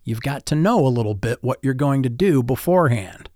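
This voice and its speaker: A scowling art teacher with a soft heart, talking a student through his work calmly and patiently, as a man plays him. His voice sits at a middle pitch. The recording is close and dry. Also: a little fast, no echo, natural voice. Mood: encouraging. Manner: calm, encouraging, explaining. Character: gruff but kind male art teacher. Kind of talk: audiobook-style storytelling.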